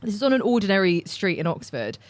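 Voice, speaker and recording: A woman's voice: medium pitch, sing-song, fast talker, no room sound. A woman hosts a podcast chat, and her voice rises and falls a lot. She sounds affectionate with her guest. The recording is close and dry. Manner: affectionate, calls guest darling. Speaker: podcast host. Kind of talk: casual chat.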